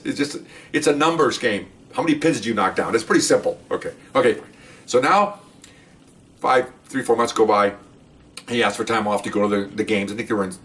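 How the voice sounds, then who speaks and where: A middle-aged man and former police detective telling stories from the job in a casual, animated way. He often acts out what people said and keeps checking in with "okay?". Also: medium pitch, far from the mic. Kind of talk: casual storytelling podcast.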